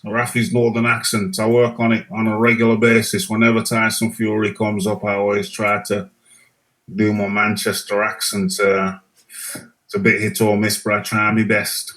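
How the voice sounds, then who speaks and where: A man hosts a live boxing talk show, his voice sitting low and fairly level. He muses casually and reads viewer comments aloud in a relaxed way. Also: rough recording. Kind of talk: casual live-stream chat.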